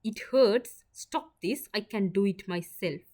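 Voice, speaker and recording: A woman's voice: medium pitch, lively intonation, measured pace, darkish tone, natural voice. A woman voicing a proud, stubborn young woman who is hurt and near tears, answering sharply with a trembling edge. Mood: sharp, defensive.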